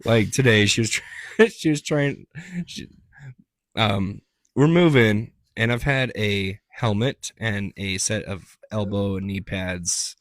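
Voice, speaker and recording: A man's voice: lowish voice, slow, a bit bright, no echo, clean studio sound. A man co-hosting a casual podcast, joking around, swearing freely and slipping into silly voices. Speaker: podcast co-host. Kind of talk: casual chat.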